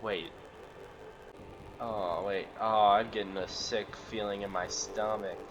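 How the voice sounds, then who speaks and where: A man's voice: lowish voice, level tone, a little slow, noisy background. A man playing through a game and reacting in loose, profane, emotional commentary. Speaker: let's-play gamer. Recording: dull lo-fi sound.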